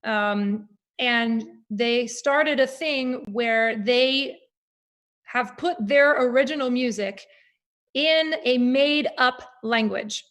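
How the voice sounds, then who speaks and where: A woman opera singer talking in an interview, animated and reflective, with frequent fillers. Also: on the high side, slow pace. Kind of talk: conversational interview.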